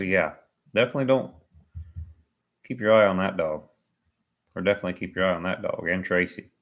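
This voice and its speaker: A man on a livestream delivers chatty, joking commentary on a sporting event, laughing at himself as he goes. His voice is low with a fairly bright tone.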